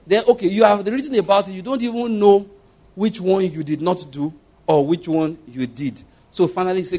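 A man's voice: high-pitched, brisk, darkish tone. A man preaching a sermon, telling stories and jokes with emphatic, acted-out quotes.

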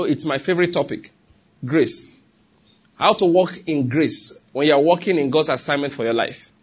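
A man's voice: sits high, a bit bright, husky. A man with a Nigerian English accent preaching a sermon, emphatic and often asking whether the congregation follows. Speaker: pastor.

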